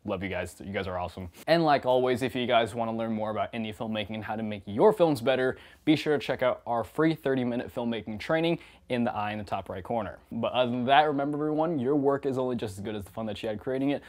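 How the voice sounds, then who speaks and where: A man's voice: medium pitch, fast, hardly any pauses, darkish tone. Chatty young man telling a story. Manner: upbeat, chatty, laughs often, many fillers. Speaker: vlogger and indie filmmaker. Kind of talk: casual storytelling to camera.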